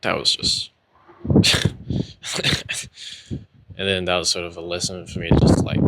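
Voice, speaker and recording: A man's voice: deep voice, bright, forceful tone, a little hiss or hum. A young man telling his own story in a casual, rambling way, candid, with lots of fillers and swearing.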